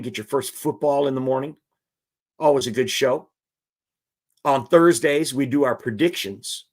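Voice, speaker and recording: A man hosting a live football show, talking casually and animatedly, and reading viewer comments aloud. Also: medium pitch.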